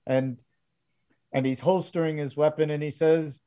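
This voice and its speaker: A man narrating a tabletop game as game master, often pausing and restarting. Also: fairly high pitch, fairly even intonation, warm tone. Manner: halting, filler-heavy narration.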